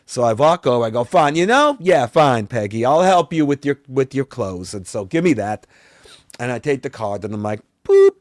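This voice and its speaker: Man as a boastful vampire host, rambling, exasperated, swearing, lively up-and-down voice, dry sound. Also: mid-range voice, normal speed, dry recording, close to an everyday voice. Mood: ranting. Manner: rambling and exasperated, swears, voice often climbs and grows loud. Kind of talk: comedic rant.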